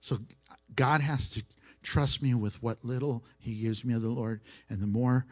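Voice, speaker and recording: A man's voice: medium pitch, moderate pace. A man preaching a sermon in a conversational way. He asks the listeners questions and repeats his key phrases.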